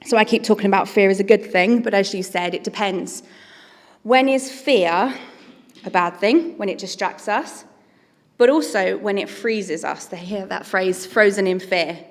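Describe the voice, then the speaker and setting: A woman's voice: medium pitch, moderate pace, in a large hall. A woman giving an earnest, conversational sermon as a preacher.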